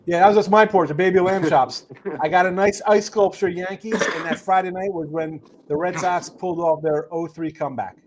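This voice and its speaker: A man's voice: high voice, steady tone, brisk, hardly any pauses, a little mellow. A man with a New Jersey accent hosting a sports betting show, joking and ranting in casual chat.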